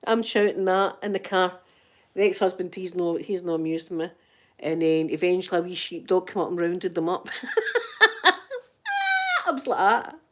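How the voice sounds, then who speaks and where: A woman's voice: fairly low pitch, steady tone, moderate pace. A middle-aged Scottish woman telling rambling, dramatic anecdotes in casual chat as a channel host. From Scotland.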